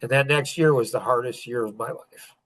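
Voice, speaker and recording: A man's voice: mid-range voice, brisk, a bit bright, no room sound. A man in his forties, a self-improvement speaker, telling a personal story in an earnest, rambling way with many restarts.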